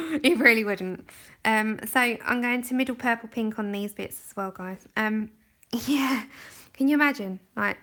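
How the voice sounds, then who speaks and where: Giggly woman with a gravelly voice. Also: mid-range voice, pushed and bright. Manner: chatty, giggly, rambling. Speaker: livestream host. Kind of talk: casual chat while colouring. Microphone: camera just in front of her face.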